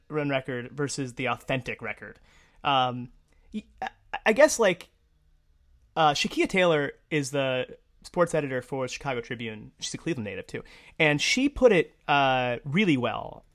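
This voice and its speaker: A woman co-hosting a sports talk show, her pitch swinging widely as she rants. She talks casually, stumbling through fillers and restarts and then pushing hard on her points. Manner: animated, ranting, many fillers and restarts. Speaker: podcast co-host.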